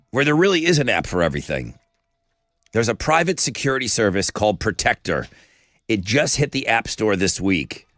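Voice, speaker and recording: A man's voice: mid-range voice, a bit bright, no room sound, clean studio sound. A man hosting a radio morning show, chatting energetically and rambling as he jokes with callers. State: slightly out of breath. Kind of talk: casual radio chat.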